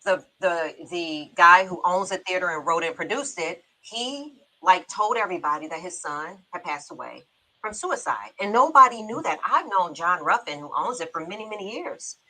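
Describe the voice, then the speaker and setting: A middle-aged woman hosting a talk show, telling a personal story in a chatty, quick-bursting way with laughs in her speech. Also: lowish voice, very animated, bright, forceful tone, rough recording. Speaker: show host. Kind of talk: casual heartfelt talk-show chat.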